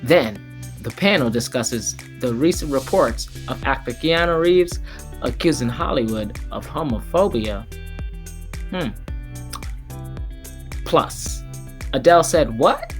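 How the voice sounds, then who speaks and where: Low-voiced woman announcing a show. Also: animated, slow, long pauses, faint music behind. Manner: showy, announcer-style delivery. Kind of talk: scripted intro voice-over.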